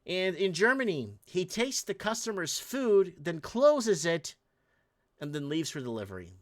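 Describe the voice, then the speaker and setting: A man's voice: high-pitched, big pitch swings, measured pace. Ranting man hosting clip commentary. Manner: ranting, repetitive, talks straight to viewers. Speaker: host. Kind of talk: casual commentary over video clips.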